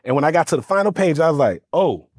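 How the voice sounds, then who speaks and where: A man in his thirties telling a personal story in an interview, animated and acting out the voices of the people he quotes. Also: a little high, very fast, no room sound, clean studio sound. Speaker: guest, storytelling coach.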